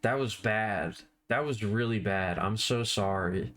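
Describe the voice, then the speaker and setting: A man's voice: on the low side, a little slow, a bit bright. A man chatting casually on a live stream while he draws, rambling and self-deprecating, with offhand swearing.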